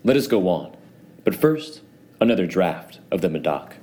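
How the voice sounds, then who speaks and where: A man reading an audiobook, voicing a drunken, vain male wine connoisseur who talks in an excitable, boastful way. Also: sits low, moderate pace. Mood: dismissive.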